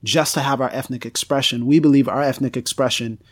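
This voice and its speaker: A man co-hosting a podcast, talking about theology in a direct, candid and animated way. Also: mid-range voice, brisk, dry recording. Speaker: podcast co-host. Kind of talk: theological discussion.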